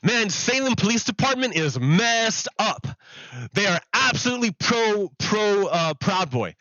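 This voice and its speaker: A man's voice: high voice, big pitch swings, unhurried, bright, forceful tone, no echo, dull audio. A man livestreaming, telling a story in a rambling way, repeating himself and laughing at how absurd it was. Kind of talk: casual storytelling to stream viewers.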